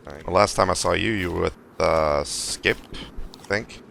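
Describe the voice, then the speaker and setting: Male roleplayer, low and gravelly, animated, excitable banter. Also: moderate pace, a little hiss or hum. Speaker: roleplay player. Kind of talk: in-character casual chat.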